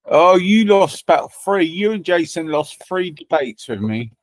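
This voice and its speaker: A man's voice: high voice, animated, measured pace, dry recording. A man hosting a livestream, chatting casually and teasing viewers with banter and swearing. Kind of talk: casual chat.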